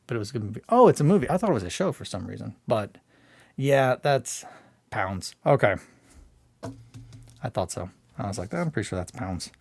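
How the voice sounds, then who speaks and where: A man hosting a casual morning chat stream, talking in an excitable, rambling way with many restarts. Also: medium pitch, vocal fry, dry recording. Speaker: hobby streamer.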